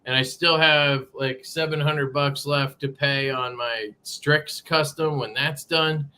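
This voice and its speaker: A man's voice: on the high side, steady tone, slow pace, sharp tone. A man hosting a casual live stream from a sparse room at home, greeting chatters by name in a loose, swearing way. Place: home room being moved into.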